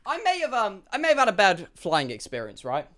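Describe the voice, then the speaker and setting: A young man tells a story to his stream chat, excitable and full of swearing. His voice sits high and swings widely, and it sounds bright and forceful as he acts out each exchange. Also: brisk.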